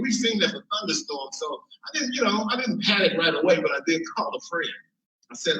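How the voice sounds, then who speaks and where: Animated stand-up comic man, bright. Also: a little high, fairly quick. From Chicago. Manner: animated, laughing at his own jokes. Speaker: stand-up comedian. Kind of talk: stand-up comedy. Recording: roomy, from far mic.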